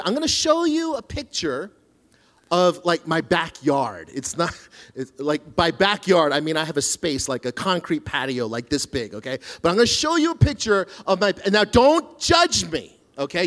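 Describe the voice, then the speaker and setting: Lively, animated male preacher. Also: a little high. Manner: animated, self-deprecating storytelling with many restarts. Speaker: pastor. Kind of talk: sermon.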